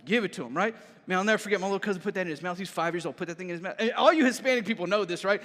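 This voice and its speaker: High-voiced pastor in an echoing hall. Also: male voice, rapid-fire. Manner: lively storytelling, repeats words, asks "right?". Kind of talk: sermon. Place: church sanctuary. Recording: reverberant church hall.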